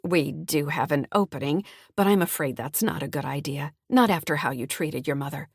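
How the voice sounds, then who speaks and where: A woman's voice: sits low, normal speed, vocal fry, husky, no echo, clean studio sound, heavily acted. A woman voicing a friendly small-town escrow officer in an audiobook, chatty and earnest. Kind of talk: audiobook character reading.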